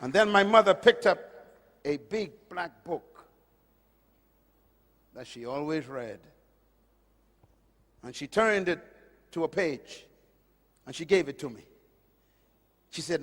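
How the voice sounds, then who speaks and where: A man preaching a sermon, emphatic and swinging between loud declarations and hushed storytelling. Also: a little high, lively intonation, slow pace, long pauses, long reverb tail. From Caribbean.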